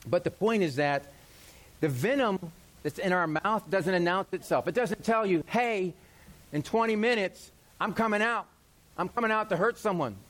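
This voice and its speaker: A middle-aged man preaching a sermon, animated and playful, acting out quoted voices with self-deprecating humor. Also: a little high. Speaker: pastor.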